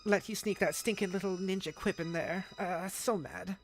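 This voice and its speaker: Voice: mid-range voice, steady tone, normal speed, lightly acted. A snarky, sulking teenage troll girl with an exasperated grumble, as a streamer puts her on. Faint music plays underneath. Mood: sulky annoyed. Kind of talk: practicing a character voice on stream.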